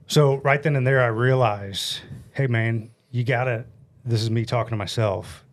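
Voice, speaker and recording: A man, a guest on a podcast, telling a work story in a blunt, animated, casual way with some swearing. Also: mid-range voice, a little slow. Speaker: guest, paintless dent repair business owner.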